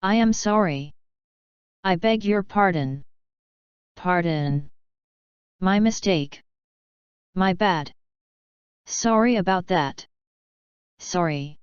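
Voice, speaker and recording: A woman reads short example phrases for an English lesson, one after another. Her voice is very clear and her pace slow and deliberate. The recording is dry and slightly dull. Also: mid-range voice, no echo. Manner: slow, careful, evenly spaced delivery of short phrases. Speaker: English teacher. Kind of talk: reading example phrases aloud.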